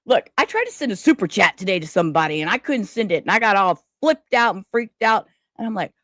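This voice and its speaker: Woman streamer, scattered chatty delivery, very up-and-down pitch, dry close sound. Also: very animated, brisk, a bit bright, dry recording. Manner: rambling, scattered, swears casually. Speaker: livestream host. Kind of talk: casual livestream chat.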